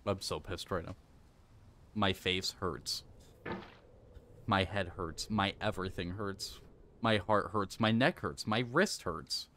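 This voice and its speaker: Frustrated male streamer, low voice. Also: slow pace, long pauses, sharp tone, a little hiss or hum. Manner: frustrated, swearing, coaching himself aloud. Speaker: live gaming streamer. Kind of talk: casual live-stream commentary.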